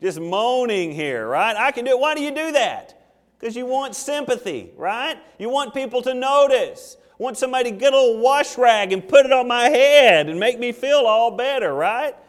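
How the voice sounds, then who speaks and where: A man preaching in a church sanctuary with an animated, joking storytelling manner, acting out small scenes as he goes. His voice sits high for a man. A long hall reverb trails behind each phrase. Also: moderate pace. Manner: animated, jokey storytelling with acted asides. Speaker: pastor. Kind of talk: sermon.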